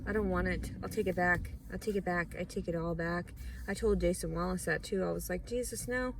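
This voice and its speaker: Distressed woman venting, low voice. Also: flat delivery, a little fast, gravelly, slight background noise, low-quality recording. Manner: raw, distressed venting with repeated phrases; swings between low murmur, whispers and sharp outbursts. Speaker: vlogger. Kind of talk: confessional video diary.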